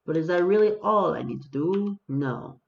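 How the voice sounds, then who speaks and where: Male gaming vlogger, wry self-deprecating chatter, slightly high voice, dull home-mic sound. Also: animated, normal speed, vocal fry. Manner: self-mocking, talks to himself and viewers. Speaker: gaming video host. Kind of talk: casual gameplay commentary.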